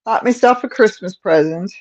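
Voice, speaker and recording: A woman's voice: medium pitch, normal speed, darkish tone. A woman hosting a casual crochet livestream, cooing in baby talk to her cat between rambling asides, on a slightly dull recording. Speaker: crochet channel host.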